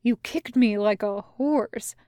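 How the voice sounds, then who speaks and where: A woman reading a soft, sheepish young man. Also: fairly high pitch, slow pace, dry recording, clean studio sound. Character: gentle young man, flustered and soft-spoken. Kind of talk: fanfiction audiobook reading.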